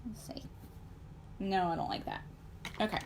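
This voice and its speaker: A woman's voice: mid-range voice, wildly swooping pitch, normal speed, vocal fry, a little hiss or hum. A woman, in her forties, hosting a casual live stream while she paints, rambling with many fillers and asides to her viewers.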